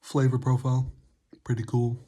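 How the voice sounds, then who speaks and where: A man's voice: mid-range voice, completely flat delivery, normal speed, warm tone. A young man reviewing an energy drink, making sarcastic, swearing asides. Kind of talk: casual product review vlog.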